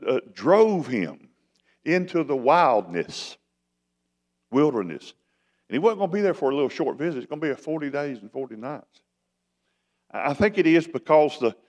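Folksy pastor preaching. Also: male voice, mid-range voice. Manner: folksy, conversational preaching with questions to the congregation. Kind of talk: sermon.

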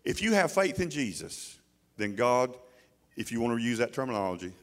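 A man preaching a sermon to a congregation in a folksy, animated way, often mimicking voices. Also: mid-range voice, moderate pace, in a large hall. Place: church hall before a congregation.

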